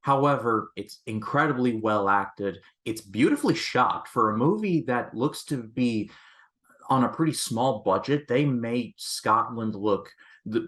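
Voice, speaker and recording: A man talking through a movie review in a casual, chatty way, with lots of "like"s and restarts. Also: medium pitch. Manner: chatty and expressive, with frequent "like"s and restarts.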